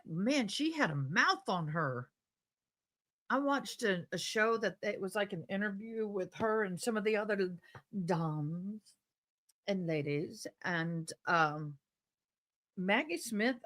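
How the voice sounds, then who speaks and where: A woman's voice: mid-range voice, a bit bright. Chatty woman with a Tidewater accent. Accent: Tidewater Virginia. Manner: rambling and chatty, reads comments aloud. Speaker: live stream host. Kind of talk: casual live stream chat.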